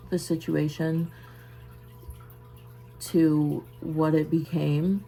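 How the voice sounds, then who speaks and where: Facing the camera, a young woman vlogger shares something from her own life in a warm, low, gravelly voice. Her casual, conversational talk is emphatic, and she keeps repeating her words.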